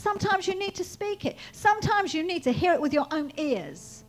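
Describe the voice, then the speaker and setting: Fervent, lively high-voiced woman preacher. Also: brisk, poor audio. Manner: fervent, repeats phrases, swings from quiet to loud proclaiming. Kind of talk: sermon.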